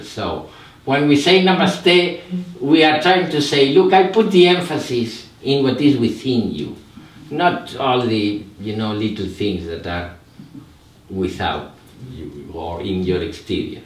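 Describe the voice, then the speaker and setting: Slow older man teaching meditation, distant. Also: medium pitch, lively intonation. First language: Spanish. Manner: slow, reflective, pauses with "mm" and "eh". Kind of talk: live meditation talk. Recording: echoey room, mic at a distance.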